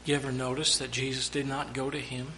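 A man preaches a sermon with a very bright, forceful tone and an everyday mid pitch. He sometimes bursts into loud, acted-out shouts. A faint hiss of noise sits under the voice. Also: flat delivery, brisk.

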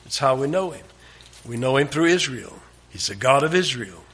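Emphatic man teaching scripture, bright voice. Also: mid-range voice, lively intonation, moderate pace, breathy edge. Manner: emphatic, drops to a hush at phrase ends. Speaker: Bible teacher. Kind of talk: sermon.

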